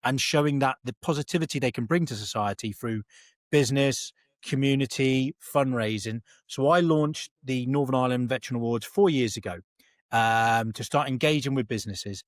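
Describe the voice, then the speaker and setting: A man's voice: mid-range voice, moderate pace, dry recording. Chatty English man, dry close sound. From England. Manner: rambling, self-correcting, chatty. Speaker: guest. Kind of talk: casual interview chat.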